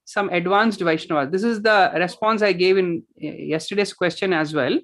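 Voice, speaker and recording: A woman's voice: lowish voice, normal speed. A woman teaching scripture and yoga, patiently explaining with simple examples and checking in with "right?".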